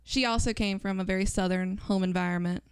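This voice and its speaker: A woman on a movie podcast, calmly explaining a point in casual chat. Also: medium pitch, quick pace, clear, resonant tone, dry recording, clean studio sound.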